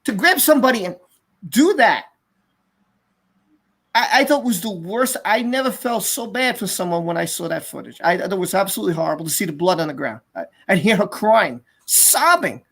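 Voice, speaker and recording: A man hosting a casual live stream, telling stories in an excited, rambling way and reading out viewer comments. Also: high voice, a little fast, gravelly, slightly rough.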